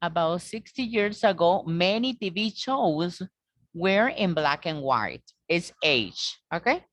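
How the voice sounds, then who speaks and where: Slow-talking woman teacher on a video call. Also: fairly low pitch, expressive, dry recording. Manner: patient, repeats and checks with students. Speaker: English teacher. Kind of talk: online class instruction.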